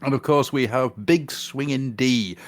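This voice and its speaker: A man's voice: medium pitch, unhurried. A man hosting a casual podcast chat, joking and laughing often. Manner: jokey, laughs often, puts on silly voices. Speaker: podcast host.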